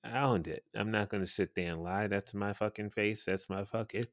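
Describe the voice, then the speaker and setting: A man's voice: lowish voice, steady tone, normal speed, no echo, studio quality. A man hosting a podcast, telling a story in a blunt, profane, chatty way and laughing now and then. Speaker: podcast host and radio personality.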